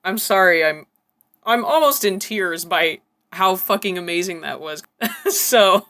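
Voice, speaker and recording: A woman's voice: medium pitch, expressive, slow pace, long pauses, fairly bright tone. A woman hosting a casual reaction commentary, swearing freely and breaking into incredulous giggles. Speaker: reaction video host.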